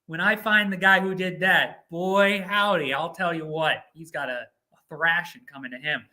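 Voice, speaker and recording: A goofy, hyped-up young man co-hosting a casual livestream from an office studio. His voice sits high for a man and has a bright, forward edge. He jokes and riffs into a laptop mic. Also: fairly even intonation, normal speed. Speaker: co-host.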